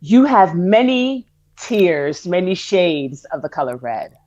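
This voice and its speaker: A woman's voice: fairly low pitch, slow pace, slight background noise. A woman co-hosting a podcast, making her case expressively through an extended metaphor. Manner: expressive, builds points with metaphors. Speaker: podcast co-host. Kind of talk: casual commentary chat. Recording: slightly muffled dry mic.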